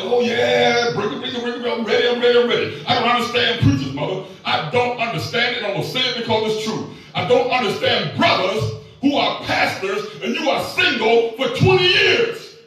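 A middle-aged man preaching a sermon as pastor, animated and joking with the congregation. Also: sits high, heavy reverb, distant mic, rough recording.

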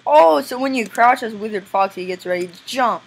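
A young woman giving casual gameplay commentary, excitable and squealing now and then, often breaking into silly voices. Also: on the high side, normal speed, creaky, breathy edge, rough recording. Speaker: gameplay video maker.

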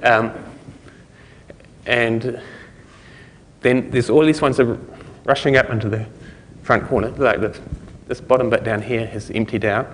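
A man with a New Zealand accent gives a conference talk in a lecture hall, his medium-pitched voice fairly even and unhurried, with a little hiss or hum. The delivery is loose and rambling, full of fillers, restarts and chuckling asides. The room has a long reverb.

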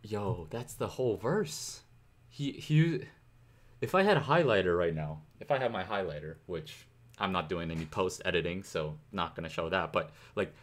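Young guy reacting to a rap track, lowish voice, picks apart the rhymes line by line, chill and chatty. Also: moderate pace, fairly bright tone. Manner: analytical, breaks down rhymes by reciting lyrics. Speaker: music reaction host. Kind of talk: casual reaction commentary.

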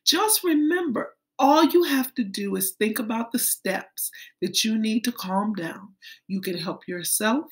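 A woman teacher speaking to little kids in a high voice. She takes her time, drawing out each step in a gentle, sing-song way. She calls her young listeners friends as she walks them through the lesson. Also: expressive, measured pace. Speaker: kindergarten teacher. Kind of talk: social-emotional lesson for young children.

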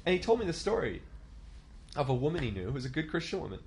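A man's voice: on the high side, very animated, fast talker. A man in his thirties teaching a church leadership class in a conversational way, asking the class questions and acting out quotes.

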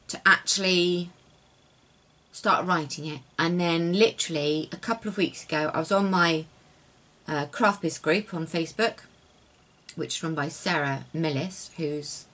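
A young woman in a casual knitting vlog, talking at home in a rambling, soft-spoken way that often sinks to near-whispers. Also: low voice, measured pace. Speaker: knitting designer and yarn dyer. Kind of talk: casual chatty craft vlog.

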